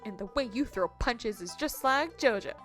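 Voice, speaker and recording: A woman voicing a feisty male village shopkeeper who taunts his rival loudly while she reads game dialogue. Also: a little high, animated, normal speed, soft background music. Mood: taunting. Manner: taunting, loud and combative.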